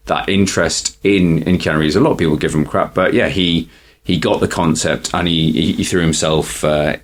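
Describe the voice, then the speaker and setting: A man co-hosting a casual film podcast, explaining trivia in a rambling way with many restarts. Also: low voice. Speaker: podcast co-host.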